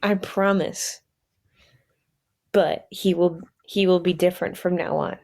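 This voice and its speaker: A woman voicing a brisk female witch who speaks in a matter-of-fact way. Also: lowish voice, fairly even intonation, gravelly, a little mellow. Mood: businesslike.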